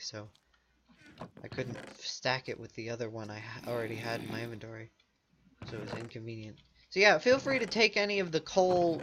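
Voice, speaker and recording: A man's voice: medium pitch, background noise. A man from the United States giving casual, rambling gameplay commentary, full of fillers and self-corrections. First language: English.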